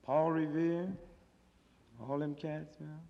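A man's voice: fairly high pitch, level tone, takes it slowly, vocal fry. A man doing a streetwise, sardonic stand-up routine that swells into emphatic outbursts, on an old live recording. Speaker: stand-up comedian. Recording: old live recording in a reverberant hall, dull sound.

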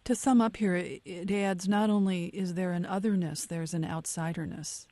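Woman radio host, lowish voice, dry studio sound, asks careful probing questions. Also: steady tone, moderate pace, mellow, no room sound. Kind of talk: radio call-in interview.

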